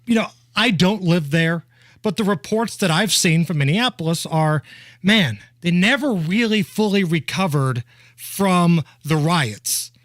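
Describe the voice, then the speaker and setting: A man's voice: high voice, lively intonation, a little slow, a bit bright, dry recording. A man hosting a talk radio show, with a blunt, joking, scoffing manner, speaking into a studio microphone. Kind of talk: conservative talk radio chat.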